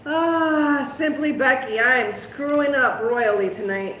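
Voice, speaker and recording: Here a middle-aged woman hosts a relaxed live crafting session at home, talking to the people watching and laughing about her own goofs before moving outside. She has a high, fairly bright voice and doesn't rush. The sound has a roomy echo and faint noise behind it.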